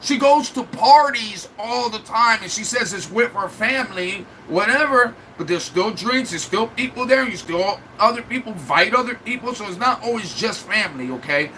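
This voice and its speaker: A man's voice: high voice, animated, normal speed, hardly any pauses, sharp tone, slight background noise, poor audio. A man livestreaming in a casual chat, venting at length to his viewers in a rambling, upset way. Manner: rambling, restarts and fillers.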